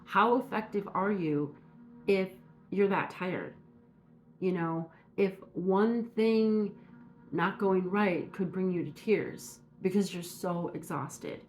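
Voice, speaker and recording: A woman from Minnesota giving a casual spiritual message, talking in a meandering, halting way with many fillers. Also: mid-range voice, faint music behind. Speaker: spiritual reader.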